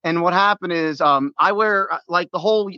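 A man telling a sports story in casual chat, excitable and full of restarts, acting out his own shouts. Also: high voice, fairly quick, smooth, no room sound, lo-fi sound. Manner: many restarts and repeated words.

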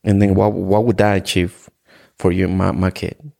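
A middle-aged man from Ecuador, a podcast guest, tells his own life story in conversation as a personal testimony. His low, rough voice carries heavy fry, is a little mellow, and barely moves in pitch. He halts, restarts, and repeats words, bringing memories to life by retelling scenes in quoted dialogue.

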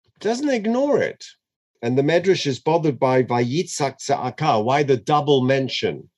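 Animated man chanting and explaining scripture. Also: medium pitch, a little slow. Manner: chants Hebrew verses then translates, dramatic and expressive. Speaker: Torah teacher. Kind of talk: animated text study lesson.

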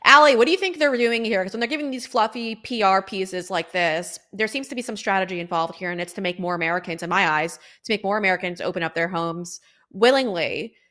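A woman's voice: mid-range voice, brisk, bright, forceful tone. A woman hosting a political talk show, speaking in an emphatic conversational way with many fillers. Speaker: show host. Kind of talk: opinionated political commentary.

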